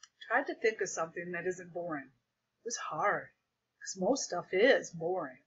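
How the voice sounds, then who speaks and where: A woman reading a children's book aloud in an animated, expressive way, in a dull lo-fi recording. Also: fairly low pitch, a little slow, husky. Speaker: storyteller.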